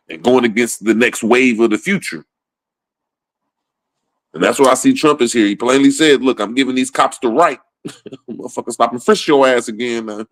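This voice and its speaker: A man's voice: mid-range voice, no echo. A man ranting casually about politics, swearing a lot and laughing often between points. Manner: profane, rambling, laughs often.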